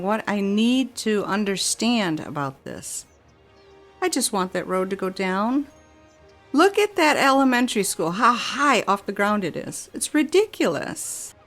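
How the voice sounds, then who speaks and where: A woman giving gameplay commentary as she plays a city-building game, exasperated and grumbling to herself about the controls. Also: medium pitch. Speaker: game streamer.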